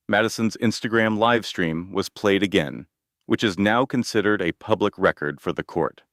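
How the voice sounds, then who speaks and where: A man narrating a scripted story with a measured, even delivery. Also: on the low side, no room sound, clean studio sound.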